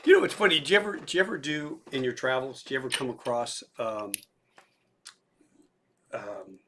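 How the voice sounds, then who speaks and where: A man hosting a podcast, telling a casual anecdote with many fillers and pauses. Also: mid-range voice, fairly bright tone, slight background noise. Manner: rambling anecdotes with hesitant fillers. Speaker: podcast host. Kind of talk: casual chat.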